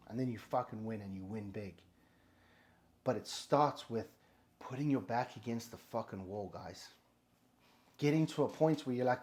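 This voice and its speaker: A motivational podcast host delivers a monologue in a medium-pitched, slightly mellow voice at a normal speed. He pauses often and talks bluntly and forcefully, swearing heavily.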